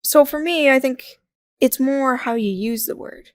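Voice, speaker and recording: A young adult woman chatting as a podcast guest, telling lively stories, acting out quoted voices and laughing often. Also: high voice, measured pace, no echo. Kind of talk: casual conversational interview.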